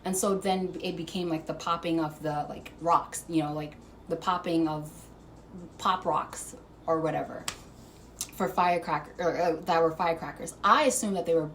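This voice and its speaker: A woman vlogger telling a story to camera, animated and profane, laughing as she goes. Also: low-pitched, normal speed, slight background noise. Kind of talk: casual storytime monologue.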